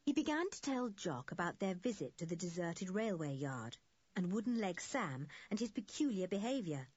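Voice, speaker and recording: A woman narrating a children's adventure story, reading lively and switching into voices for the children. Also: fairly low pitch, moderate pace, breathy edge, no room sound, lo-fi sound. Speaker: audiobook narrator.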